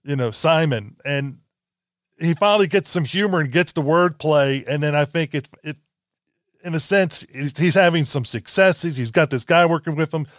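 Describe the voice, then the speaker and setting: A man's voice: a little high, moderate pace, no echo, clean studio sound. A man in casual conversation about a horror film, talking in a rambling way with frequent restarts.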